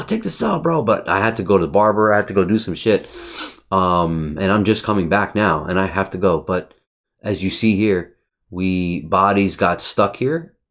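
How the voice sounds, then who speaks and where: A man reviewing his day's trades over a chart in casual, profane, brash talk. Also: low-pitched. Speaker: trading educator.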